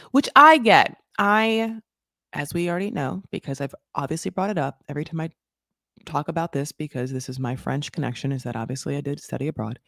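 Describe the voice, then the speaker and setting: A woman's voice: no room sound, studio quality. Chatty woman recapping TV. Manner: chatty, fast, lots of "like" and swearing; lively, jumps high for emphasis. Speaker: recap podcast host. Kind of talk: casual chat.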